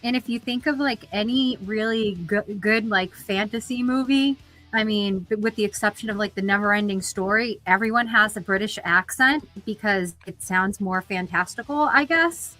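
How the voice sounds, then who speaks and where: A woman's voice: mid-range voice, moderate pace, bright, forceful tone, soft background music, poor audio. A woman co-hosting a livestream in casual chat, blunt and opinionated, over a remote call.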